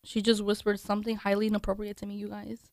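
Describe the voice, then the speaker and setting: A woman co-hosting a relaxed conversation, in a mid-range voice. She talks hesitantly, with frequent ums and restarts, recorded on a dry, close mic. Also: medium pitch, fast, no room sound. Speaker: podcast co-host. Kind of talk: casual chat.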